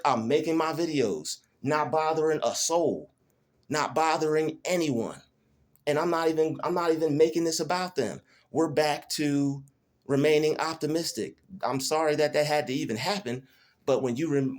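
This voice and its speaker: A man's voice: fairly high pitch, normal speed. A man, filming a defiant, preachy rant in a small room, repeating his phrases over and over. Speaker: vlogger. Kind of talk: emotional self-filmed rant. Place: small rented room indoors.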